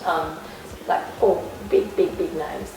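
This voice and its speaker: Animated Australian woman guest with a gravelly tone, recorded far off in a roomy space. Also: low-pitched, takes it slowly, background noise. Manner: lively, laughing anecdotes. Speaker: guest, sports broadcaster. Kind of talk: animated storytelling. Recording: echoey room, voice from far off.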